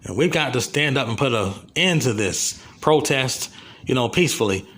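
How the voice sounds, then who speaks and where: A man's voice: mid-range voice, animated, moderate pace, fairly bright tone. An American man delivering a rambling, impassioned video commentary, repeating himself as he goes. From USA. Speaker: vlogger.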